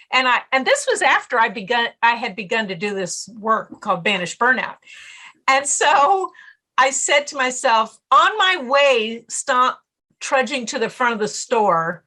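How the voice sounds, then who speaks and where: Bright, lively woman telling a story. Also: a little high, unhurried. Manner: animated storyteller, acts out her own inner voice. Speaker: podcast guest, stress management coach. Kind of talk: casual interview talk.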